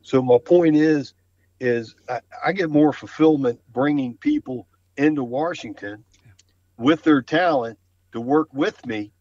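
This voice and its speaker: Guest spot: excited man, stumbling restarts, dull dry lo-fi sound. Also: a little high, measured pace, no room sound. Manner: enthusiastic, repetitive restarts. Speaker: flooring contractor guest. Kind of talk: casual podcast conversation.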